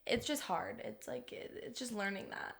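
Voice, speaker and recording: A woman's voice: on the high side, moderate pace, vocal fry, a bit bright. A young adult woman co-hosting a podcast, telling personal stories in casual chat with lots of "like". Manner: chatty, emotional storytelling full of "like". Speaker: podcast co-host.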